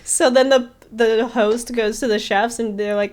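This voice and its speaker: A woman's voice: on the high side, moderate pace. A woman co-hosting a casual podcast chat, acting out the people in her stories. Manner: animated storyteller acting out quotes. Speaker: podcast co-host.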